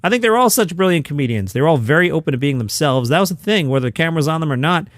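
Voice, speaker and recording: A man hosts a comedy news podcast, reading out headlines and quotes with a bouncy, animated pitch. He sounds a little higher than most men and drops in sarcastic asides. The sound is dry and close. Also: very fast, no echo.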